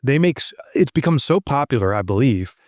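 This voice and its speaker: A middle-aged man from New Jersey co-hosting a podcast, chatting casually and telling animated stories. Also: medium pitch, a little fast, dry recording, clean studio sound. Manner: animated storyteller, mimics other people's voices. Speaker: podcast co-host. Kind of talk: casual chat.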